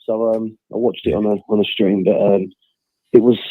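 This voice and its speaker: A man's voice: fairly low pitch, steady tone, moderate pace, dry recording. An unwell man calling in by phone, ranting bluntly about his football team. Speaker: caller. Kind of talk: phone-in rant. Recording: tinny phone line.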